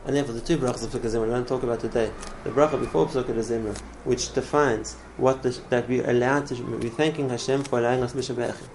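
A man's voice: medium pitch, steady tone, quick pace, few pauses, darkish tone, slight background noise, rough recording. A man teaching a religious class in an earnest way, often repeating words and restarting his phrases. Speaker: Torah teacher.

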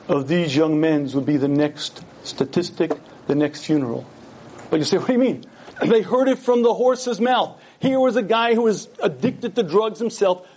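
A man with a high voice delivers an earnest Torah lecture, weaving a story into his teaching. He keeps turning to his listeners with rhetorical questions. There is a faint hiss under his voice. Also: a little mellow.

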